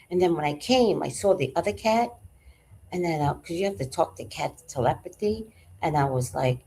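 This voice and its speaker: A woman hosting a livestream in casual chat, telling stories in an animated, profane way and answering viewers. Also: deep voice, normal speed, slight background noise. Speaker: livestream host reading chat.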